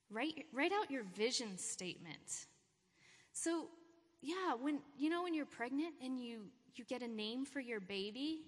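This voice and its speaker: A woman giving an informal, encouraging sermon talk at a church gathering. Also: a little high. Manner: encouraging, warm pep talk with laughter. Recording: long hall reverb.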